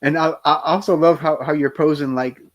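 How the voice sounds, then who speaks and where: A man's voice: on the high side, steady tone, fairly quick. A man chatting casually, full of short enthusiastic reactions. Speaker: co-host. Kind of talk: casual chat.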